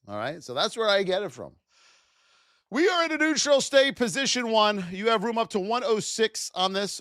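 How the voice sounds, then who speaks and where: High, bouncy guy doing a live trading stream, blunt and chatty, bright sharp tone. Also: big pitch swings, normal speed, dry recording, studio quality. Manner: chatty storyteller, blunt, calls out to viewers.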